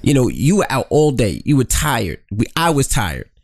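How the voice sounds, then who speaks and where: A man in his forties chatting on a podcast with his wife. His pitch swings widely as he tells teasing, profane stories, and he speaks in a casual, joking way. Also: normal speed, dry recording, clean studio sound. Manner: animated, swearing, teasing storyteller. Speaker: co-host. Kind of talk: casual podcast banter with spouse.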